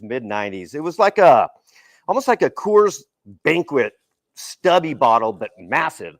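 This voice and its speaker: A man giving a casual, animated storytelling keynote to a live audience at an event hall. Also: high-pitched. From El Paso, Texas. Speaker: keynote speaker. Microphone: handheld mic, partly without it.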